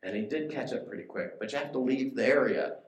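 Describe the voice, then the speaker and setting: A man's voice: mid-range voice, quick pace, reverberant. A man preaching a sermon in a conversational way, often asking his listeners questions.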